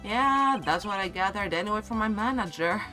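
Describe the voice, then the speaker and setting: Casual drawling young actor, done by a man, bright voice. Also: high voice, animated, normal speed, soft background music, pitched above the performer's own voice, full character voice. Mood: laid-back. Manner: drawling, says "dude" a lot. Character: laid-back young male TV actor. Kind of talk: reading game dialogue aloud.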